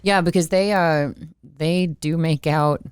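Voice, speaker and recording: A woman with a low voice co-hosts a casual movie podcast. She rambles through her points with quick asides. The sound is close and dry. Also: steady tone, a little mellow, smooth, no echo. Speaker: podcast co-host.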